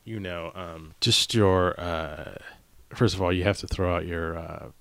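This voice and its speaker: Middle-aged male podcast co-host, low bright voice, dry close sound, loose rambling delivery. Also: unhurried, vocal fry, no echo. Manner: rambling, animated storytelling with acted-out quotes. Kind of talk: casual chat.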